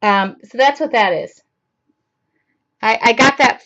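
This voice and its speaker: A chatty woman with a fairly high voice hosts a casual live-streamed painting lesson. She rambles, greets viewers by name and talks to herself as she works. The sound is dull and lo-fi, like a streaming computer mic. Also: measured pace, fairly bright tone. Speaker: art class host.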